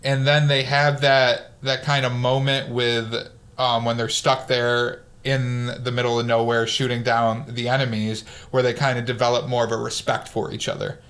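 A man's voice: mid-range voice, normal speed. A man casually recapping a war movie on a podcast, acting out the characters' lines as he goes. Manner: animated storyteller, acts out quotes.

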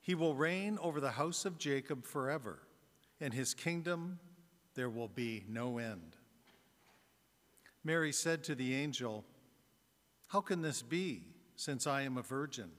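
Slow-reading deacon in an echoing church. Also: male voice, mid-range voice, expressive, a bit bright. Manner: slow, measured proclamation. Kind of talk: scripture reading. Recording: long church reverb.

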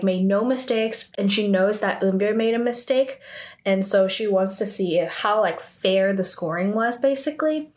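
A woman casually recapping a drama episode, saying "like" constantly and acting out the characters' quoted lines. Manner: fills with "like" constantly, acts out quotes with raised pitch.

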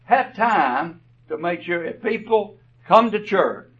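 A man preaching a sermon, telling stories slowly and deliberately, his phrases often trailing off softly. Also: sits high. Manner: slow, deliberate storytelling with soft trailing phrases. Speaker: pastor. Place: church. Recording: dull, distant church recording.

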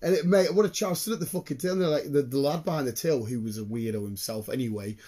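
A man, hosting a casual chat, excitable and sweary, breaking into laughter. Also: mid-range voice, fast.

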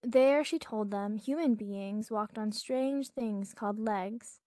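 A woman, a podcast host, reading a fairytale aloud in a soft, hushed way, lifting her voice as each new scene begins. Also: on the high side, slow, no echo. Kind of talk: gentle storybook reading.

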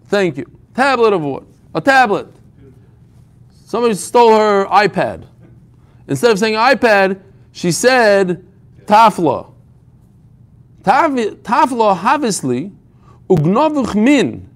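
A man's voice: high-pitched, big pitch swings, slow, pauses often. A man teaching an informal Talmud class, telling the story with humor and frequent restarts.

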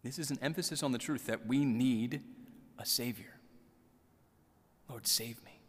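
A man preaching a sermon in an earnest, measured way, repeating scripture lines softly. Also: medium pitch, long reverb tail. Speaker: priest.

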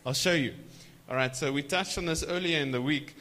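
Man preaching, drawn-out emphatic words. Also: a little high, bright, forceful tone. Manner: stretches key words slowly for emphasis; prompts the audience to respond. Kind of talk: sermon. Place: church conference.

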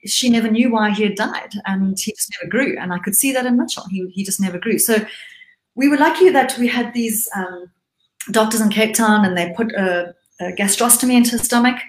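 Candid woman in an echoey room. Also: medium pitch. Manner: candid, halting, many restarts. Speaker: guest. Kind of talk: casual conversation.

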